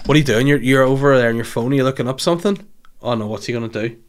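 A young man with a Northern Irish accent, chatting loosely on a podcast with a medium-pitched voice. He wanders through a long, crude anecdote and keeps breaking into quick acted-out dialogue. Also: clear, resonant tone. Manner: rambling, crude storytelling with acted-out quotes. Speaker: podcast host. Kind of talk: casual podcast chat.

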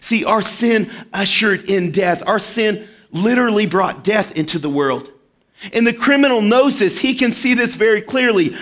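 A man preaching a sermon as pastor, animated and acting out quoted voices. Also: sits high, normal speed.

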